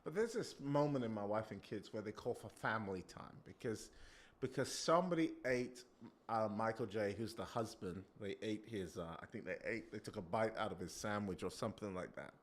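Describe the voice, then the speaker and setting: A male preacher giving an animated sermon, acting out quotes and breaking off to comment on himself. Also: fairly low pitch, brisk. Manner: animated, acts out quotes, self-interrupting.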